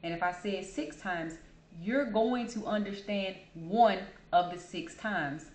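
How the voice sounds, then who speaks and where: A woman's voice: mid-range voice, unhurried, slight background noise. A woman hosting her own show, talking casually and chattily about herself and calling listeners "baby". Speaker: podcast host. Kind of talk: casual personal monologue. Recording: echoey room.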